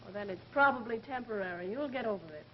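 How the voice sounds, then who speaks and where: A woman's voice: medium pitch, lively intonation, fast, close to an everyday voice. An actress playing a level-headed female private nurse from England, dry and deflecting in manner. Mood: cool. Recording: 1930s film soundtrack, dull and hissy.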